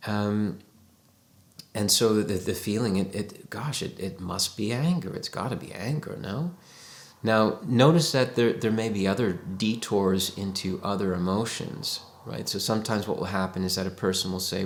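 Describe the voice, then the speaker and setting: Gravelly low-voiced male therapist. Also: moderate pace, roomy sound. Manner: reflective, coaxing, voices imagined inner questions. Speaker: psychotherapist. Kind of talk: educational talk to camera.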